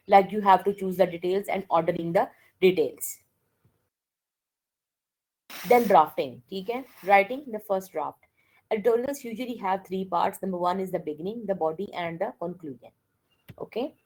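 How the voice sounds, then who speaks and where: A woman's voice: mid-range voice, a little fast, a little mellow, poor audio. A woman giving a classroom lecture, mixing languages and often checking with "okay?". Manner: code-switches and keeps checking with "okay?".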